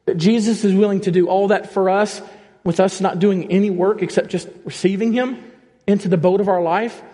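A male pastor delivering an animated sermon, speaking straight to the congregation with frequent questions. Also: sits high, brisk. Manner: animated preaching, rising and falling, direct questions to the congregation. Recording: long reverb of a church hall.

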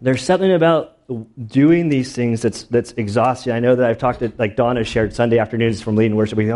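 A man's voice: mid-range voice, a little fast, darkish tone. A man preaching a sermon as pastor, telling stories in a loose, conversational way with plenty of filler words. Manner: conversational storytelling with many fillers.

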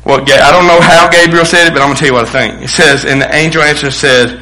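Man, pastor, sermon, middle-aged, high bright voice, animated preaching, bursts of shouting. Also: quick pace, few pauses, poor audio.

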